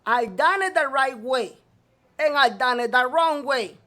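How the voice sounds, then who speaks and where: A man's voice: extremely high pitch, animated, measured pace, bright, forceful tone. A male talk show host delivering a profane, scolding rant, repeating himself to hammer his point home. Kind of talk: ranting talk show monologue.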